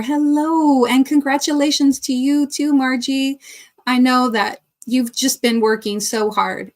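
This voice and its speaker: A woman hosting a casual livestream, chatting and greeting viewers by name between laughs. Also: mid-range voice. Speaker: crochet livestream host. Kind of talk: casual livestream chat reading viewer comments.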